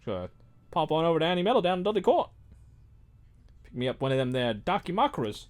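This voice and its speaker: Mock-British bloke put on by a man, wobbly accent sliding toward Australian, lively swooping pitch. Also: fast talker. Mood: joking.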